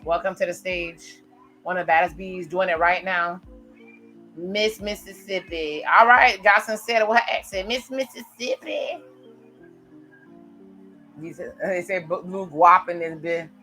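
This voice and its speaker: A woman's voice: on the low side, fairly even intonation, moderate pace, sharp tone, faint music behind. Chatty woman reacting to TV. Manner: chatty, reacts aloud while narrating scenes. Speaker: reaction video host. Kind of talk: casual TV episode reaction commentary.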